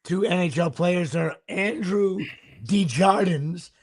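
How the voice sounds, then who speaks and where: A man with a hoarse voice hosting a casual sports podcast, rambling and poking fun at himself. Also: high-pitched, slow pace, dry recording, clean studio sound. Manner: rambling, self-deprecating. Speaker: podcast host.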